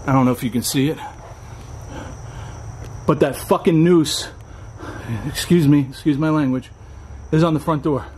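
A man's voice: a little high, normal speed, long pauses, a little mellow, a little hiss or hum. A man filming himself alone in an abandoned trailer at night, talking in a nervous, scared way, swearing often and dropping to a whisper. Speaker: paranormal vlogger. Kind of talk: nervous ghost-hunting vlog narration. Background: crickets and insects at night.

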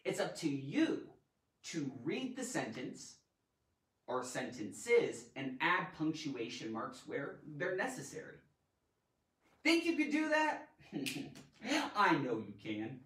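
A man hosting a live online grammar lesson in a playful, animated way, tossing in silly sound effects. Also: fairly high pitch, takes it slowly. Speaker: grammar teacher and show host. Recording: roomy echo, mic at a distance.

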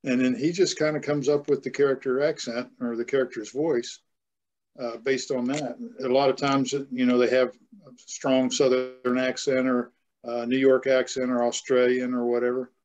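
A man's voice: mid-range voice, level tone, moderate pace, darkish tone. A man from Florida who hosts a casual author chat, speaking in an easygoing way. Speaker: host. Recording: dull lo-fi audio.

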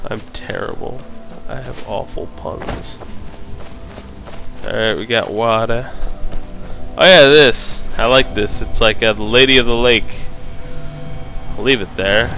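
A man's voice: mid-range voice, fairly even intonation, a little slow, vocal fry, long pauses, bright, forceful tone, soft background music. A man giving casual, joking commentary while playing a game, often mocking himself and going off on silly tangents. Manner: goofy, joking, self-mocking. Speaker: let's play gamer.

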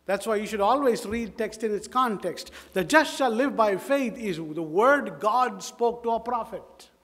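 High-voiced Indian pastor preaching in a church hall. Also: male voice, expressive, unhurried, fairly bright tone. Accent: Indian English. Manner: emphatic, repeats phrases, asks the congregation rhetorical questions. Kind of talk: sermon. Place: church sanctuary. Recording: long reverb of a church hall.

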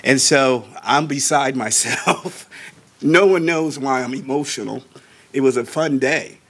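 A man in his sixties, a Baptist pastor, tells a personal testimony in an animated way, slowing down on key words and moving between soft asides and raised emphasis. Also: mid-range voice. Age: 60s. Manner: slows down and draws out key words.

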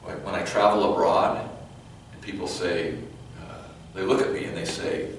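A low-voiced man with a Californian accent preaches a conversational sermon that often restarts mid-thought and slips in light jokes. He sounds set well back from the microphone, his voice ringing through a very echoey church hall over a faint background noise. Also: fairly even intonation, moderate pace, distant mic. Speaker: pastor. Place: church sanctuary.

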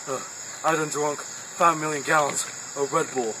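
A young man doing a goofy comedy sketch, bragging in a deadpan way, recorded outdoors. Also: a little high, unhurried. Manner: goofy, deadpan self-praise. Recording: outdoor insect noise behind.

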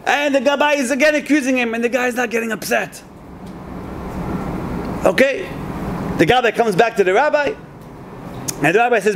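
A man with a strikingly high voice preaching as a rabbi, telling animated stories and taking on the voices of the people in them. He scatters Hebrew religious words through his talk. Faint noise sits under the voice. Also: quick pace, long pauses. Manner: animated storyteller who acts out quoted speech; sprinkles Hebrew religious terms. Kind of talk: sermon to a community audience.

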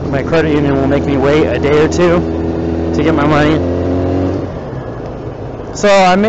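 A young man casually telling a rambling, animated story to his viewers. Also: fairly high pitch. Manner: rambling, animated retelling with quoted dialogue. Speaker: vlogger. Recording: muffled lo-fi audio with loud background noise.

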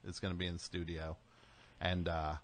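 A man's voice: deep voice, little pitch movement, a little fast. A man hosting a comedy radio call-in show, dry and exasperated with a caller. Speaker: radio host.

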